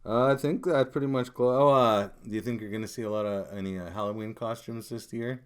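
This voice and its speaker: A man co-hosting a casual chat, jokey and animated, often trailing off mid-sentence. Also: on the low side, fast talker, clear, resonant tone. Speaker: co-host.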